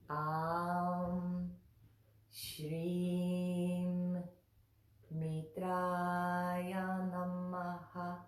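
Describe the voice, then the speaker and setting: A woman teaching mantra practice in a calm, unhurried way, drawing out chanted syllables. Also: lowish voice, distant mic. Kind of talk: spoken teaching with slow chanting. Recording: very echoey room, voice from afar.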